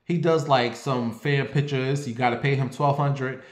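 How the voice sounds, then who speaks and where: A man's voice: mid-range voice, normal speed, roomy sound. A man delivering a sassy, profane gossip rant in a casual online video. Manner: sassy, brash and profane, animated. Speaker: online commentator.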